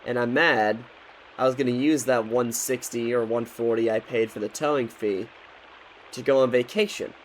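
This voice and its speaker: A man's voice: mid-range voice, moderate pace, slight background noise. A young man in his twenties telling a frustrated, swearing story in a loose, casual rant while he plays a game. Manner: frustrated, swears often, talks loosely with restarts.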